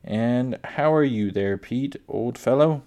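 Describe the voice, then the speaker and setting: A man's voice: mid-range voice, slow, warm tone. A man reading aloud, voicing a cheerful, kind pioneer father who speaks heartily. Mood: hearty.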